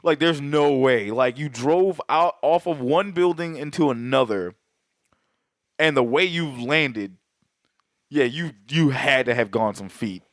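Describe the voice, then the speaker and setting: A man's voice: mid-range voice, measured pace, no room sound, studio quality. A man co-hosting a podcast, chatting casually about a movie, swearing constantly and laughing often. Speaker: podcast co-host. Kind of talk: casual profane movie chat. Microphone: headset.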